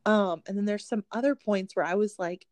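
A woman co-hosting a book podcast in casual chat, animated and acting out what people said. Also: mid-range voice, moderate pace, no room sound. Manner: animated storyteller, acts out quotes. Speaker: podcast co-host.

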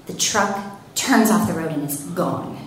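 A woman telling a personal story in a lively way, acting out panicked quotes. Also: on the low side, measured pace. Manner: animated, acts out panicked quotes. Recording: very echoey room, faint noise.

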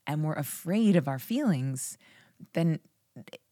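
A woman's voice: low voice, lively intonation, slow, mellow, no room sound, clean studio sound. A woman hosting a podcast, chatting casually with her guest in an enthusiastic, affirming way. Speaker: podcast host. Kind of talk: casual interview chat.

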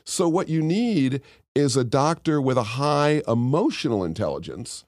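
A man's voice: medium pitch, lively intonation, measured pace, dry recording. Rambling middle-aged man, dry close sound. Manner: rambling, digressive storyteller. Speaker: podcast co-host. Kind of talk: casual chat.

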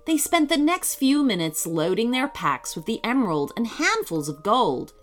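A woman narrating a children's story with a slightly high voice and a very lively melody. She reads slowly and expressively, over faint background music. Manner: slow, expressive reading.

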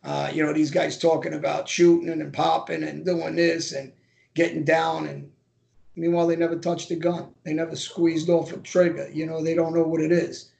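Brief: male co-host, gravelly, somewhat high, loose rambling talk. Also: level tone, moderate pace, a little mellow. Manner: loose conversational, many fillers. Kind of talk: casual podcast chat.

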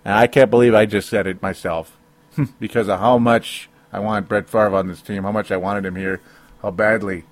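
A man's voice: lowish voice, steady tone, normal speed. Rambling man venting about football. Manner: rambling, self-interrupting, frequent rueful laughs. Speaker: sports commentator. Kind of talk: solo sports opinion podcast.

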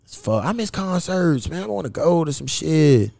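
A young man from hosting a podcast, telling loose, profane stories in casual chat and jumping his pitch high when he quotes someone. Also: sing-song, normal speed, creaky, warm tone, no echo. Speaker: podcast host.

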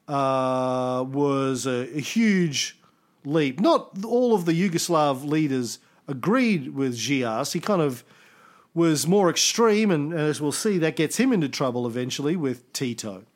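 A man hosting a casual history podcast, explaining events thoughtfully with pauses and restarts. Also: a little high. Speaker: podcast host.

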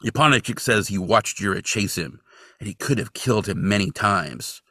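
A man on a podcast recaps a TV episode, his pitch swinging widely as he jokes and mocks what the characters do. The voice is mid-pitched and sits close and dry on the mic. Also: normal speed, dry recording. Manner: animated and wry, jokes and mocks the characters while narrating.

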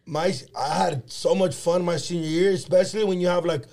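High-voiced young man telling stories. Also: a little fast. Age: young adult. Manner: animated storyteller, laughing, slangy. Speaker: podcast co-host. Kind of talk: casual chat.

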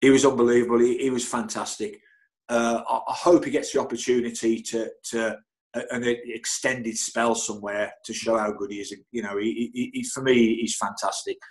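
A middle-aged man, a football physio, telling anecdotes in an interview with lively energy, often stammering and repeating words. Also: medium pitch, normal speed, low-quality recording. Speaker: football club physio, guest.

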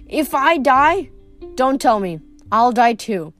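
A woman voicing a frightened young male satyr, high and pleading. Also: animated, takes it slowly, soft background music. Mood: wailing.

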